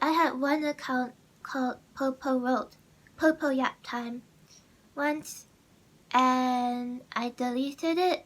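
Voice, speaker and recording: A young woman with a naturally high-pitched voice, talking in a rambling, self-correcting way in a casual vlog monologue. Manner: rambling, self-correcting, bursts into loud mocking impressions. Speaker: content creator.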